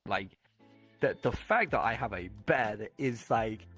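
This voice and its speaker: A man, a guest on a chat stream, talking in a halting way with many fillers and restarts. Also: fairly low pitch, lively intonation, a bit bright, husky, faint music behind. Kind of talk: casual chat.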